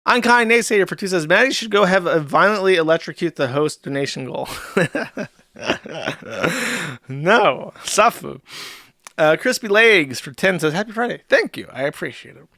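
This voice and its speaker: A man's voice: high voice, expressive, pushed and bright, dry recording, studio quality. A man hosting a livestream in a casual chat style, reading out donation messages in an offhand, sardonic way. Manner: offhand and sardonic, with quick laughs. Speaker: host.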